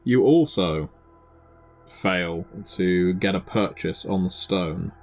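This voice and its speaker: A man narrating a tabletop game as game master, describing scenes in a measured way with the odd filler. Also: deep voice, soft background music.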